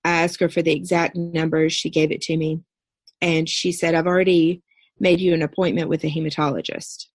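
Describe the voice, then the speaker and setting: A woman in her thirties, a podcast guest, earnestly telling a personal story in a steady recounting way. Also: low-pitched, brisk, breathy edge, dry recording. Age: 30s. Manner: earnest, steady recounting with brief quoted dialogue.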